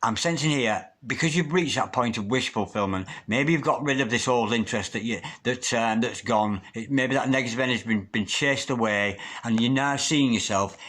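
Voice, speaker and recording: A man giving a spoken tarot reading to camera, earnest and halting, often repeating his words as he searches for them. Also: medium pitch, fairly bright tone. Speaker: tarot reader.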